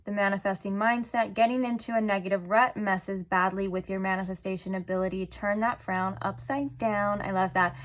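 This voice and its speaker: A woman giving a casual tarot card reading to her viewers, chatty and full of "like", slowing down and softening her voice when she turns to the cards. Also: medium pitch, fairly even intonation. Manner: chatty, says "like" often. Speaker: tarot reader.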